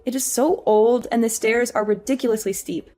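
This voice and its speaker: A woman playing a weary, high-voiced young wife. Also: steady tone, moderate pace, mellow, faint music behind, natural voice. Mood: upset. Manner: weary, pleading. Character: exhausted young working wife. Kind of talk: audio drama acting.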